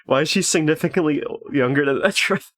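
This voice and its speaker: A man's voice: on the high side, fast talker, crowd noise. A man streaming a story game, chatting casually with lots of laughs and fillers. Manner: giggly, rambling, many fillers.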